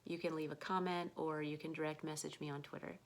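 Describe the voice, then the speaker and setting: American woman teaching pronunciation slowly. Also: sits low, flat delivery. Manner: slow, patient, repeats words for drilling. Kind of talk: online pronunciation lesson.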